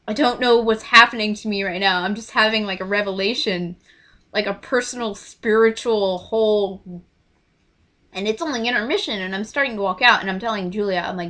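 Bright, gushing young woman vlogger. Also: mid-range voice, moderate pace. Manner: gushing, excitable, trailing off into quiet asides. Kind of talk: casual storytime chat.

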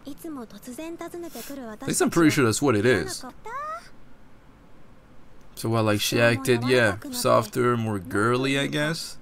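Male reaction host, lively swinging pitch, unhurried delivery, slangy exclamations. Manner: excitable exclamations and casual slang. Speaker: anime reaction creator. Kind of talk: live reaction commentary.

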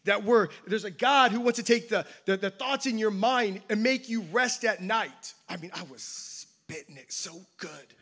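A man's voice: high-pitched, normal speed, hardly any pauses, bright, forceful tone, breathy edge. A man preaching a sermon as pastor, telling a personal story with self-deprecating humor. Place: church campus service.

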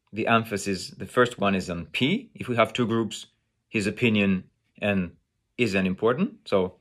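A man with a French accent teaching French pronunciation in English, slow and deliberate, repeating phrases and demonstrating sounds. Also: fairly low pitch, fairly bright tone. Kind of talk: pronunciation lesson.

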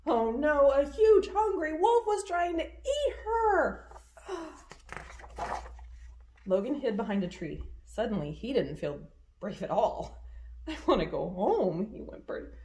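A woman reads a children's storybook aloud for a storytime. Her voice is a little high and warm, and she paints each scene with wide, lively swings of pitch. The narration is expressive and animated throughout. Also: a little slow. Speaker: storytime reader.

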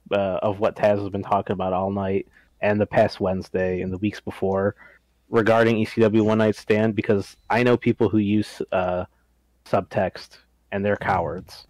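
Lower-voiced sarcastic man, dry sound. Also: steady tone, moderate pace, a little mellow, dry recording, rough recording. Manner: sarcastic, mock-earnest outbursts. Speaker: podcast co-host. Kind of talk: casual chat recapping wrestling.

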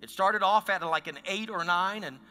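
At a normal pace, a man preaching as pastor speaks in a high, sharp voice with a long reverb tail in a church sanctuary. The sermon is conversational storytelling, frequently interrupted by restarts.

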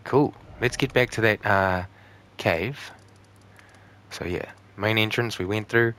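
Talking slowly in a lowish, slightly bright voice, a young gaming channel host narrates a let's play with profane humor, answering back to the enemies he faces.

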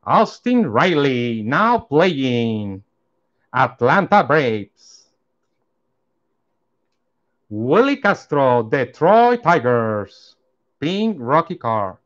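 Slow man reading out baseball cards. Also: medium pitch, very animated, fairly bright tone, muffled recording. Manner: slow, reads out each card name and team. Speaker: card collector opening packs. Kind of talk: casual card-opening commentary.

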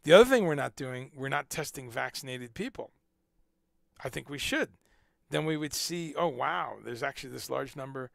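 A man's voice: mid-range voice, animated, moderate pace, vocal fry, dry recording, studio quality. A man hosting a casual livestream, rambling and repeating words as he talks, now and then swearing. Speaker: livestream host.

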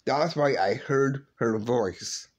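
Slow, halting man vlogging. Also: mid-range voice, darkish tone. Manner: halting, repeats and restarts words, grieving. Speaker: vlog host. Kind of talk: emotional personal vlog.

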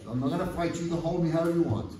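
In a large indoor training gym, a man teaching a jiu-jitsu seminar coaxes and directly commands a partner on the mat while demonstrating, his voice on the high side and racing. He sounds strained, at times pressed under the partner's weight. The gym echoes, the mic is far off, and there's some noise.

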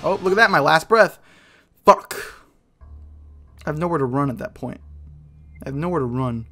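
A young man giving casual let's play commentary, frustrated and swearing as he fights a hard boss, with loud outbursts. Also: on the high side, expressive, fast talker, soft background music.

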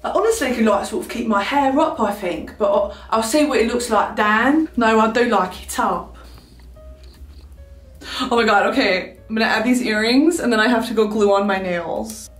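A woman's voice: a little high, moderate pace, natural voice. A young woman from Texas putting on an Essex English accent to play a vain, bubbly young Essex girl in a comedic makeup tutorial parody, chatty and gushing, calling everyone babes. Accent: put-on Essex English. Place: indoors at home. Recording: roomy echo, faint music.

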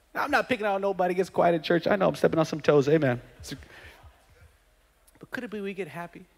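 A male pastor preaching a sermon, animated, rising to shouts at the peaks. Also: sits high, a little fast, gravelly, long pauses. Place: church sanctuary. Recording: reverberant church hall.

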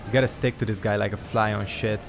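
A man's voice: fairly low pitch, steady tone, fast, creaky, over music. A man giving casual gameplay commentary as a gaming YouTuber, sarcastic and swearing through frustrated outbursts.

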